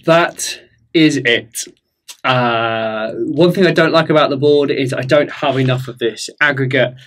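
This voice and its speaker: A man's voice: mid-range voice, measured pace, fairly bright tone. A man talking casually about a hobby build, thinking aloud and rambling with lots of fillers. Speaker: hobby vlogger.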